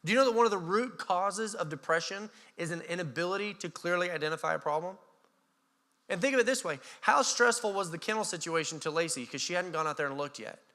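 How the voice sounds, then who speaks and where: American pastor guy preaching, lively, does little voices, somewhat high voice, echoing church hall. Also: fast talker. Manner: animated, acts out voices with sarcasm and laughs. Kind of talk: sermon.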